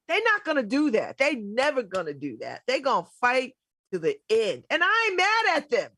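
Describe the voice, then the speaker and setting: A woman's voice: sits high, huge pitch swings, moderate pace, pushed and bright. A middle-aged woman hosting a casual political talk show, blunt and emphatic, laughing often. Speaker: radio host.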